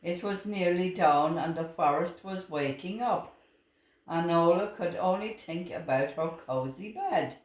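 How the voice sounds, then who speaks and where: An older woman reading a children's picture book aloud, slow and expressive. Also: lowish voice. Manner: slow and expressive, with lively voices. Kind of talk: storybook read-aloud. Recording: roomy echoing room.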